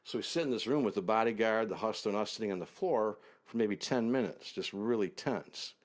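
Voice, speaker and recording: A low-pitched man from the United States recounts a travel story as an interview guest. He builds tension with short, punchy sentences and vivid detail. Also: brisk. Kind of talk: anecdotal storytelling.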